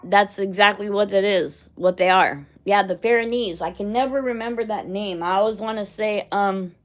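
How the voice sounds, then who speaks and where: A middle-aged woman talking casually, wandering from story to story. Her voice sits at an ordinary middle pitch. She laughs often as she goes. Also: moderate pace. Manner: rambling, chatty, laughs often. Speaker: vlogger. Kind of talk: casual chat.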